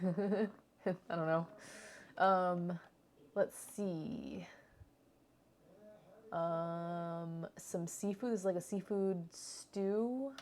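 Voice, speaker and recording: A woman's voice: fairly low pitch, extremely slow, pauses often, a little mellow, a little hiss or hum. A woman talking over her travel footage in a casual, rambling way, laughing often and swearing now and then. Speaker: cooking channel vlogger.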